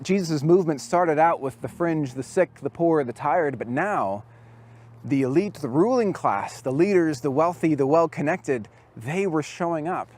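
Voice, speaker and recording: A man preaching to young people as a camp speaker, telling the story with lively acted-out quotes. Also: on the high side. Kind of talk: storytelling sermon to youth.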